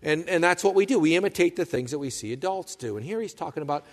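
A male pastor gives a sermon in a conversational, storytelling way. His voice sits a bit high, and he drops into the voices of the people he quotes. The sound carries a long reverb, as if from a large hall. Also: quick pace.

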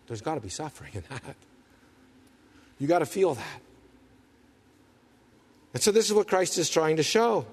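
A man preaching a sermon as pastor, emphatic, asking rhetorical questions and swinging from loud to hushed. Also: a little high, very animated, normal speed, pauses often, slightly rough, in a large hall.

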